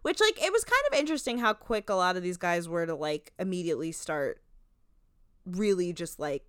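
Young Jersey-accented woman, animated host, smooth voice, dry sound. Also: fairly low pitch, brisk, dry recording. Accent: New Jersey. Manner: animated, laughing, profane. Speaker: podcast host. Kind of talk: casual recap chat.

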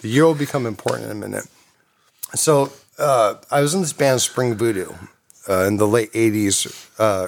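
A man in his fifties from California, telling a long casual anecdote, swearing heavily, rambling, and laughing often. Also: medium pitch. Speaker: storyteller guest.

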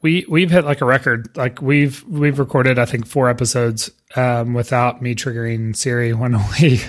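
A man co-hosting a relaxed podcast conversation. He speaks with a halting flow, often restarting his phrases mid-thought. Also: medium pitch. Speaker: podcast co-host. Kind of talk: casual chat.

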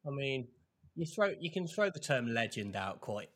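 A man's voice: medium pitch, very animated, moderate pace, a bit bright, breathy edge. A man co-hosting a casual podcast, telling stories in a chatty way. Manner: chatty storyteller. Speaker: podcast co-host. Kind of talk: casual chat.

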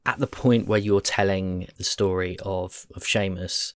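Deep-voiced British game master. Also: male voice, fairly even intonation, fairly bright tone, dry recording, clean studio sound. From Britain. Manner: descriptive, measured. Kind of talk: narrating a tabletop game.

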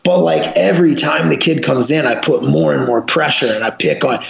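Man, blunt profane podcast talk, gravelly fry, dull lo-fi sound. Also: a little high, brisk. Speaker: guest, jiu-jitsu gym owner and coach. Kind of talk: casual podcast conversation. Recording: echoey room, dull lo-fi sound.

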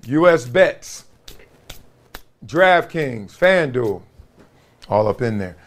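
A man's voice: medium pitch, sing-song, extremely slow. A man from Compton hosting his own show, talking in a casual, joking monologue and laughing often. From Compton, Los Angeles. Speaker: show host.

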